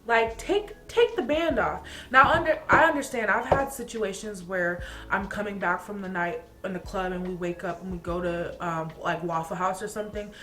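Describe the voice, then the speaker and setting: A woman's voice: mid-range voice, moderate pace, few pauses, bright, forceful tone, faint music behind. A young woman from Atlanta, Georgia, vlogging in a casual, chatty way, ranting about things that annoy her, full of laughs and filler words. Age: young adult. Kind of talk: casual chat.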